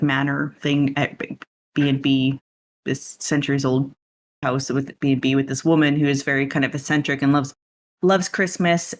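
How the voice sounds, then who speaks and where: A man hosting a podcast, casually recapping a film in a chatty, rambling way with lots of asides. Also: mid-range voice. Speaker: podcast host.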